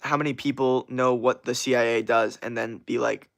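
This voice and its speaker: A man's voice: medium pitch, steady tone, gravelly. A young man hosting a livestream, answering chat in a blunt, profane, rambling rant that repeats itself. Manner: blunt, profane, talks fast in bursts and repeats himself. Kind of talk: casual unfiltered rant.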